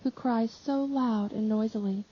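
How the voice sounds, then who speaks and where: A woman reading a devotional text aloud in measured, solemn narration. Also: on the high side, slightly rough. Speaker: audiobook reader. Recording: slightly dull lo-fi audio.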